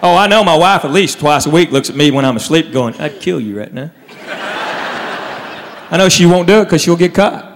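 A man's voice: on the high side, fast talker, few pauses, a little hiss or hum. A man telling stand-up stories with punchlines and voices for his relatives. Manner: storytelling with punchlines, mimics relatives. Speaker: stand-up comedian. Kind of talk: stand-up comedy routine. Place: comedy club stage with audience. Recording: live stage recording in a reverberant room with audience.

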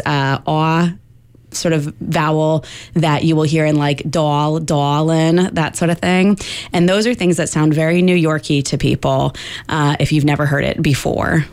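A woman's voice: sits low, fairly even intonation, moderate pace, darkish tone, clean tone, no room sound. A woman linguist in her thirties explaining in an interview, articulate and teacherly with some fillers.

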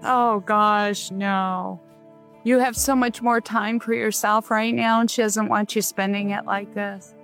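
A woman hosting a call-in radio show as a psychic medium, giving gentle, reassuring readings to callers. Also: medium pitch, measured pace, faint music behind. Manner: warm reassuring, relays messages in a gentle steady flow.

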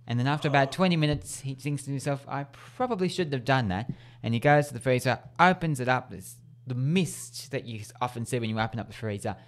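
A man's voice: mid-range voice, lively intonation, a little fast. A man hosting a radio show in casual chat, laughing often and stumbling over words. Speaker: radio host.

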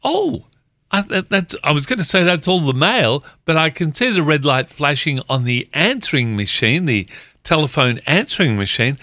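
A man's voice: fairly high pitch, animated, normal speed, sharp tone, no room sound, clean studio sound. A man hosting a community radio show, playfully reading listeners' jokes and messages. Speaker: radio host. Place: radio studio.

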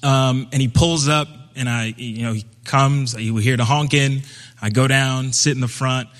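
A man's voice: fairly even intonation, measured pace. Young man telling a story in a reverberant hall. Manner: conversational, acts out quoted voices higher and livelier. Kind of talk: live storytelling performance.

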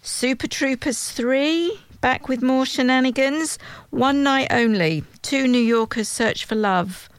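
A woman co-hosting a radio show, chatting casually and running briskly through upcoming film listings. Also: high voice, clean tone, dry recording. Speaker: radio co-host. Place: radio studio.

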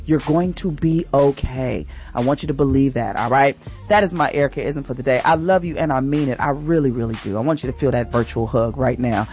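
Woman hosting a morning radio show, talking right to listeners, warm encouragement, music low in the back. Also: fast talker. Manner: earnest, encouraging, speaks directly to listeners. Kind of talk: inspirational radio talk.

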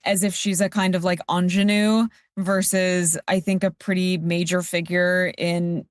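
A woman giving a measured, critical film review on a discussion panel, with dry asides. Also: on the low side, flat delivery, dry recording.

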